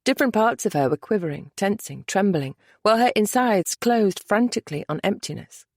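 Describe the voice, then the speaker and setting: A woman narrating a romance audiobook in a soft, measured, intimate way. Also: mid-range voice, animated, no echo, studio quality.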